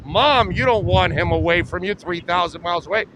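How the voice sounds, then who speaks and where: A man hosting a sports radio show, making a playful, joking recruiting pitch over a remote call while outdoors in the wind. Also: a little fast. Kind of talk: casual sports talk. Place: outdoors by a cigar bar in strong wind. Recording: faint wind and traffic noise.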